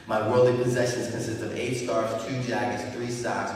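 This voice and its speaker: A man with a fairly low voice delivers a dramatic keynote story, hammering key phrases and stacking up lists. His voice booms around a large hall, picked up from some distance with a faint hiss underneath. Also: steady tone, normal speed, few pauses. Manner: emphatic, repeats key phrases, builds lists. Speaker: keynote speaker. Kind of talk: dramatic recovery storytelling speech. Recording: echoey hall, speaker far from the mic.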